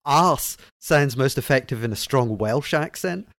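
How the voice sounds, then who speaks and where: A man's voice: medium pitch, expressive, measured pace, vocal fry, a bit bright, no echo, clean studio sound. Wry Scottish man. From Scotland. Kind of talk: casual chat.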